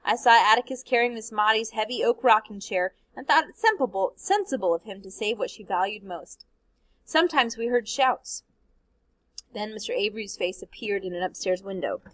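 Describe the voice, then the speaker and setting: A woman, a teacher, reading a novel aloud in a steady, expressive way. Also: medium pitch, normal speed, no echo, rough recording.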